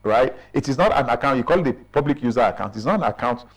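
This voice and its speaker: A man's voice: mid-range voice, animated, fast talker, rough recording. A middle-aged man with a Nigerian accent, an official explaining procedures in a radio interview and often checking in with "right?". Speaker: official explaining business registration.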